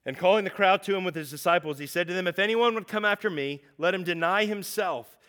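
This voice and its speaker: Bright-voiced preacher man, animated. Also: high voice, fast. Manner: animated preaching with acted quotes, swinging from loud to hushed. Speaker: pastor. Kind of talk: sermon.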